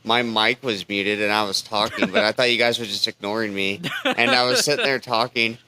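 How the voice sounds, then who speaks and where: A man telling a funny game story in a casual chat, animated and swearing freely. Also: on the low side, fairly quick, smooth. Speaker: player and co-host.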